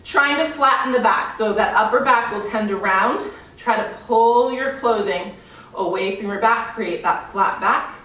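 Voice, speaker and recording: A woman's voice: fairly high pitch, measured pace, a bit bright. A woman teaching a yoga workout, counting reps and cueing moves while exercising and out of breath. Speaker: yoga and fitness instructor. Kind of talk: guided workout instruction. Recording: very echoey room, voice from a distance.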